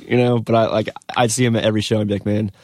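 A man's voice: on the low side, little pitch movement, rapid-fire, darkish tone, no echo, studio quality. A man in casual chat, adding chuckling asides to the conversation.

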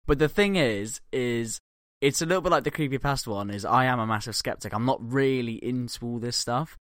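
Man, podcast co-host, casual banter, swears a lot, jokey, mid pitch, dry close sound. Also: a little fast, fairly bright tone, dry recording. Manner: profane, jokey, laughs often.

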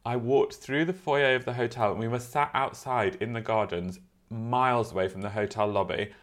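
A man's voice: mid-range voice, moderate pace. A man co-hosting a podcast, telling a story in a theatrical way and acting out quotes. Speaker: podcast co-host. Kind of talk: casual chat, storytelling.

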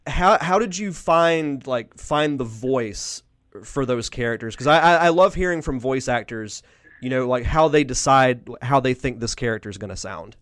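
A man hosting a podcast interview, asking friendly, brisk questions and reading event promos. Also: mid-range voice, lively intonation, fairly bright tone, dry recording. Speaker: podcast host. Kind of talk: casual interview. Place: Pensacola, Florida area.

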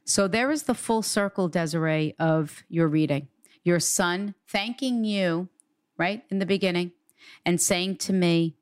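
A woman's voice: fairly low pitch, unhurried, clean tone, dry recording, studio quality. A woman working as a psychic medium, giving an earnest, reassuring reading in conversation. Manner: earnest, reassuring, relays quotes in a raised voice.

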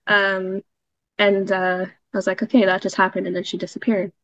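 A woman's voice: mid-range voice, little pitch movement, moderate pace, a bit bright, dry recording. Woman guest, chatty storyteller, muffled dry remote-call sound. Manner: chatty, with frequent fillers and laughs. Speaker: podcast guest sharing a story. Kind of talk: casual storytelling.

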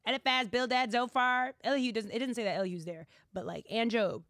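A young woman hosts a podcast in a chatty, giggly way, peppering every thought with "like". Her voice sits a bit high, and the sound is dry and close with little room. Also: fairly even intonation, quick pace, few pauses, a bit bright, no echo. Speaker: podcast host. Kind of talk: casual chat.

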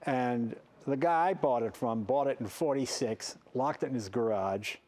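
A man's voice: medium pitch, normal speed, darkish tone. An older man, a talk show host, telling funny anecdotes in a big garage and acting out the voices in his stories. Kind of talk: storytelling anecdotes. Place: large car garage.

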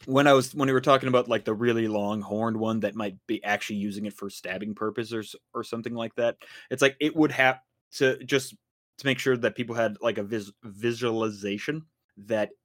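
On the low side and fairly bright, this man's voice moves fairly quickly as he co-hosts a podcast, rambling casually with many fillers and restarts.

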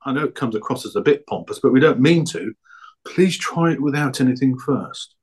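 A man's voice: mid-range voice, animated, brisk, darkish tone, slightly rough. A man chatting enthusiastically as a podcast guest about the food he makes. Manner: enthusiastic, chatty about his own produce. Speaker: guest, black pudding producer. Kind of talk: casual podcast interview.

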